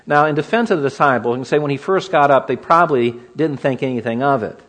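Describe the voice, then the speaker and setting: A man's voice: mid-range voice, fast, fairly bright tone. A man preaching an expository sermon, teaching verse by verse and asking the listeners rhetorical questions.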